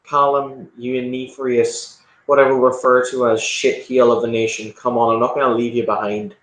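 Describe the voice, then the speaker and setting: A man's voice: mid-range voice, level tone, normal speed, fairly bright tone, natural voice. A man playing a protective, bossy werewolf cousin in a tabletop role-playing game, giving firm orders in character. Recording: roomy echo.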